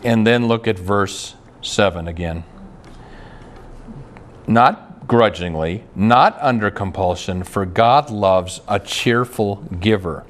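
A man's voice: lowish voice, takes it slowly, slight background noise. A man preaching a sermon as pastor, folksy and storytelling, with homespun jokes and some stumbling restarts. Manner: folksy, tells jokes and stories, frequent restarts.

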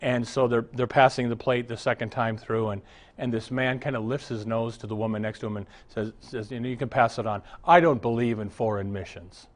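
A man's voice: mid-range voice, fairly quick. Male pastor preaching, story-driven and earnest, mid-range voice. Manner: animated storytelling, mixes humor with exhortation. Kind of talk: sermon.

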